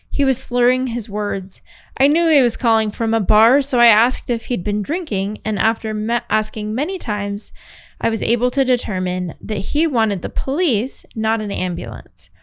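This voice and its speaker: Woman, podcast co-host, fairly high voice, giggly, casual chat, reads listener stories. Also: moderate pace, clear, resonant tone. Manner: giggly, chatty, many fillers.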